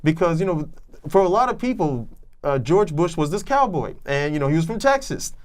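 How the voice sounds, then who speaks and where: A man's voice: fairly high pitch, very animated, fairly quick. A man co-hosting a casual movie review chat, giving long rambling explanations full of restarts. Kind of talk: casual film discussion.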